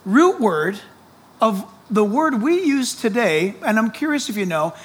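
A man preaching a sermon as pastor, excited, loud and emphatic. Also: high-pitched.

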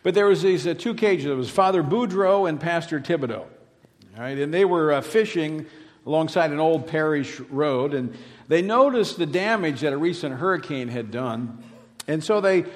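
Pastor preaching in a reverberant hall. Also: male voice, a little high. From Louisiana, USA. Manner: emphatic preaching, swinging from loud to hushed. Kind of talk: sermon.

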